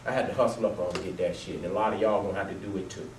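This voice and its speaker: A man telling his life story to a live audience over photos, swearing heavily, laughing often and swinging between loud bursts and low, quiet stretches. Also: fairly even intonation, rapid-fire. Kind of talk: profane, animated storytelling talk to a live audience. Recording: roomy, distant mic, faint background noise.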